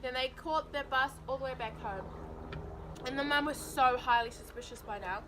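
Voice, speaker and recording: A woman's voice: sits high, normal speed, noisy background. A young woman, chatting through a long story while eating for a mukbang vlog. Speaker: vlogger.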